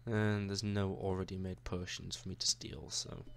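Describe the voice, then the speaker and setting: A young gaming YouTuber narrates his let's-play in a chatty, jokey way and talks to the characters he meets. His voice sits low and creaky with a flat delivery at a moderate pace. There's a little hiss or hum in the recording.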